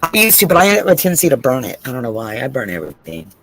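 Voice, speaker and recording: A woman's voice: extremely low pitch, sing-song, very fast, slightly rough. A woman in casual chat on a video call, swearing freely, rambling and laughing as she tells stories during a trivia game. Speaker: co-host playing a trivia game.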